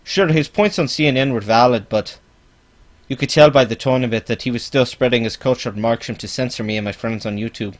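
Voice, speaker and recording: A man's voice: medium pitch, brisk, natural voice. A man doing a parody impression of a smug, preachy male online commentator who keeps begging for donations. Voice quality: pompous, preachy. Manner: self-promoting, repeats donation pleas.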